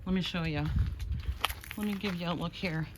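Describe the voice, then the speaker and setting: Working at a storage unit, this middle-aged woman, a lifestyle vlogger, narrates a chatty vlog for her viewers, wandering off topic and fixing her own words as she goes. She speaks at a normal speed in a fairly low voice, against a noisy background.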